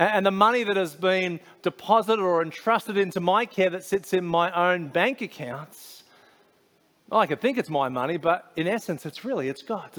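A man's voice: high voice, a bit bright. A man preaching a sermon as a pastor, conversational, with frequent fillers and restarts.

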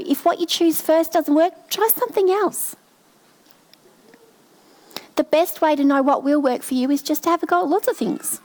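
A middle-aged woman delivers a sermon in a high voice. She speaks slowly and from the heart, weaving a personal story into her message. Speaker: preacher.

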